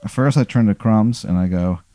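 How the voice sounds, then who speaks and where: A man's voice: fairly low pitch, normal speed, dark tone, no echo, studio quality. A man playing a tabletop game, answering in a casual, easygoing way. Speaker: player.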